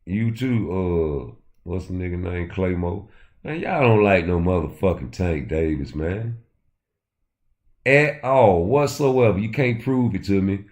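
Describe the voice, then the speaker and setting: Deep, mellow-voiced man ranting on a livestream. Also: animated, unhurried. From Chicago. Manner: loose, profane, addresses chat directly. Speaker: livestream host. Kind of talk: casual livestream rant.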